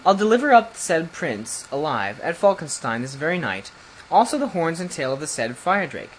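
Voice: medium pitch, very animated, normal speed, slight background noise, natural voice, low-quality recording. A reader voicing a cheerful, cool-headed young prince who talks lightly and confidently in a storybook reading. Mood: breezy.

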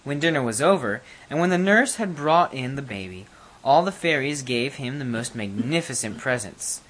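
A narrator reading a fairy tale aloud in an expressive, animated way. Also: medium pitch, normal speed.

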